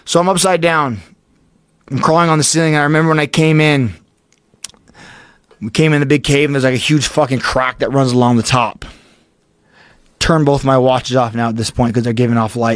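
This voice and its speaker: A man's voice: medium pitch, dry recording. Male podcast guest, intense profane storyteller, dry mic sound. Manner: profane, breathless retelling of a panic.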